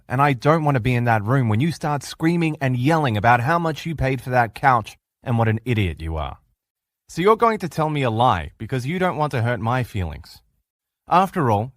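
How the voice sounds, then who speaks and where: Lively-voiced man coaching a relationship class. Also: mid-range voice, no echo, studio quality. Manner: earnest, coaching, acts out quoted replies in changed voices. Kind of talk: recorded training lesson.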